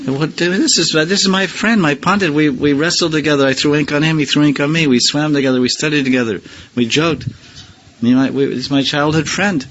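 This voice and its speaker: A man's voice: fairly high pitch, brisk, fairly bright tone, dull audio, slight background noise, pitched above the performer's own voice, close to an everyday voice. A man putting on a baffled young friend. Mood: incredulous. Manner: incredulous, rising questions.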